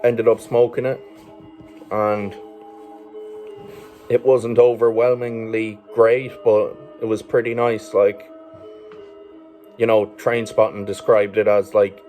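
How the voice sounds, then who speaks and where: A man with an Irish accent tells a story in a low, level voice that barely rises or falls. His delivery is loose and rambling, full of fillers and swearing. Faint music plays softly behind him. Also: little pitch movement, a little slow, long pauses. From Ireland. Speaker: vlogger. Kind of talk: casual storytelling monologue.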